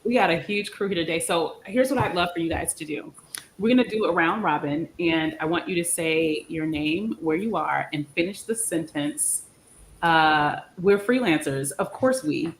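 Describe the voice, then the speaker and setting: Lively female host, lowish voice, chatty and animated, video call mic. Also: moderate pace, slight background noise. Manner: bubbly, animated, trips over words. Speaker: livestream host. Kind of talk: upbeat live stream chat.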